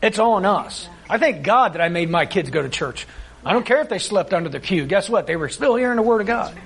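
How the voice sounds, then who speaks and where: A man's voice: high-pitched, animated, fairly quick, fairly bright tone, slightly rough. A middle-aged man co-hosting a Christian talk show, speaking emphatically about faith and raising children. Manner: preachy, emphatic, voices his kids in quotes. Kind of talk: faith-based conversation.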